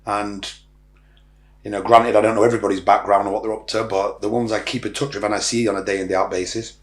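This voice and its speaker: A man's voice: lowish voice, little pitch movement, quick pace. Blunt, swearing man in a roomy room. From Ireland. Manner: blunt, swears freely, rambling. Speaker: podcast guest, social media influencer. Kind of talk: casual interview talk. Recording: roomy echo.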